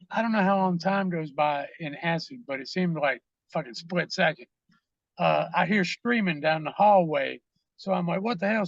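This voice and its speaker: A man's voice: high voice, gravelly, dry recording, muffled recording. A man, a podcast guest, telling rambling, profane stories full of fillers in a casual interview.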